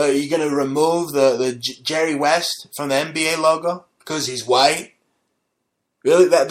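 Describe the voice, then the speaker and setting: A man hosting his own show, delivering a combative, profane, mocking rant. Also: on the high side. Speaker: show host. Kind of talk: ranting monologue.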